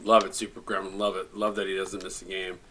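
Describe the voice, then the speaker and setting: A man's voice: deep voice, flat delivery, quick pace, sharp tone, slight background noise. A man commentating a streamed video game basketball game, casually rattling off player stat lines with joking asides. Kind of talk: casual play-by-play recap.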